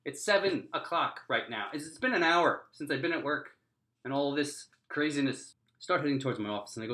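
Animated man telling a comic story. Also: on the high side, a little fast. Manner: animated, exaggerated, rising to near-shouts for punchlines. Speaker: podcast host. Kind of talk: comedic storytelling.

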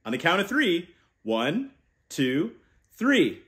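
A man's voice: on the high side, huge pitch swings, slow pace, fairly bright tone. A man reading a children's picture book aloud and leading kids in call-and-response chants. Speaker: children's storyteller.

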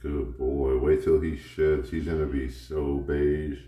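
A man's voice: extremely low pitch, level tone, slow pace, warm tone, echoey room. A man vlogging as a reptile keeper, casually coaxing his pet and talking to it like a buddy. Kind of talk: casual pet-feeding vlog.

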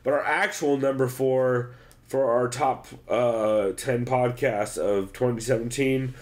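A man's voice: mid-range voice, steady tone, takes it slowly, darkish tone. Profane, rambling male podcast co-host. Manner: loose, profane, rambling with restarts. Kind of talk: casual podcast chat.

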